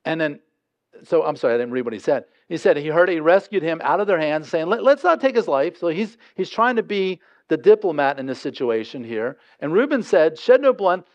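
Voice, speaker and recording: A man preaching a casual, conversational sermon with a slightly high voice. He keeps tossing rhetorical questions at his listeners and then answering them. The recording sounds a little dull and lo-fi. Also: expressive, brisk. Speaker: pastor.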